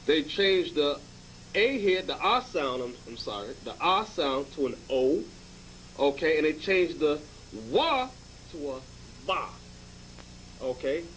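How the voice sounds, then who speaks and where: A man's voice: fairly high pitch, animated, a little slow, fairly bright tone, a little hiss or hum, low-quality recording. A man teaching in a lecture style, emphatic and checking in with the class by asking "okay?".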